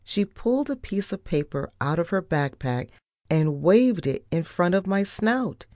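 A woman reading a children's chapter book aloud in an expressive, unhurried storytelling manner. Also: lowish voice, no room sound, studio quality. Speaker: storybook reader.

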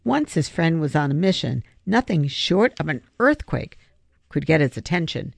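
A narrator reading a children's novel aloud in a steady, measured way. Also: mid-range voice, vocal fry, no room sound. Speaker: audiobook narrator. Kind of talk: audiobook narration.

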